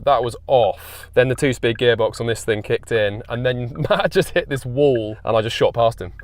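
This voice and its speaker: Relaxed chatty man, dry sound. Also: mid-range voice, moderate pace, no room sound. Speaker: presenter.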